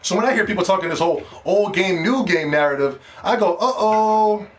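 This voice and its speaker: A man with a fairly high voice hosts a podcast, talking casually. He tells animated stories and mimics the reactions of people he describes. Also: quick pace, slight background noise. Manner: animated storytelling, mimics other people in slang. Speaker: podcast host. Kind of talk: casual monologue.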